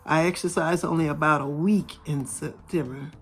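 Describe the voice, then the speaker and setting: A middle-aged woman vlogger chatting casually with her viewers, her voice still a little raspy and hoarse after a cold. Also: sits low, steady tone, normal speed. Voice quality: slightly raspy. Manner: chatty, talks straight to viewers. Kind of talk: casual chat. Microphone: camera filming from overhead.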